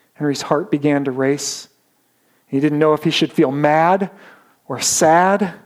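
Slightly high-voiced male preacher. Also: a little mellow. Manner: dramatic storytelling with slowed emphasis. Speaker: pastor. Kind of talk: sermon storytelling.

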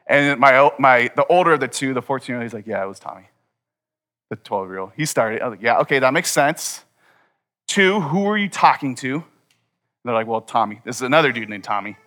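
Bright-voiced man preaching through a story. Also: mid-range voice, fairly quick. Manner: animated storytelling, acting out quoted dialogue. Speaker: pastor. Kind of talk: sermon storytelling.

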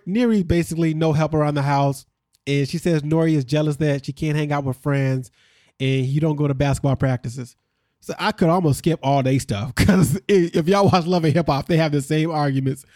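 A man's voice: a little high, a little mellow, no echo, studio quality. A man hosting a podcast, recapping a reality show in casual chat and acting out what people said.

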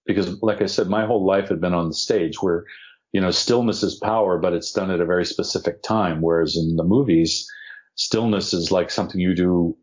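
A man, an actor, telling animated anecdotes as an interview guest and laughing now and then as he talks. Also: low voice, a little fast, lo-fi sound. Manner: animated storyteller, laughs mid-story.

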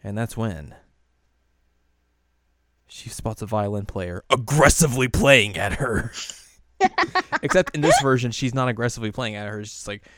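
A man co-hosting a podcast, recapping an episode in a casual, animated way with frequent laughs. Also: fairly low pitch, normal speed, no room sound, studio quality. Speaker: podcast co-host.

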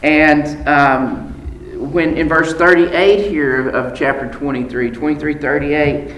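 Guy teaching a bible class, kinda high voice, lots of uhs and restarts, echoey room. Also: a bit bright. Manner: halting, with frequent fillers and restarts. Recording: echoey room with faint background noise.

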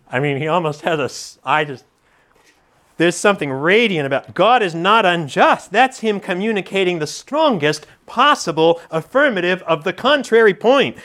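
A man preaching an expository sermon to a congregation, teacherly and animated, joking with the room. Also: fairly high pitch.

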